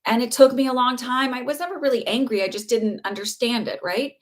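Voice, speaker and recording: A woman's voice: fairly high pitch, brisk. Earnest woman giving spiritual advice live. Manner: earnest, reassuring, rambling with fillers and restarts. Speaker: spiritual teacher and psychic reader. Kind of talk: casual live-stream talk.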